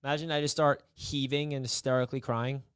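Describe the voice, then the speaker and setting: A man's voice: mid-range voice, flat delivery, quick pace, fairly bright tone, clear, resonant tone, no echo, clean studio sound. A young man hosting a casual live sports stream, rambling and mock-despairing, repeating himself.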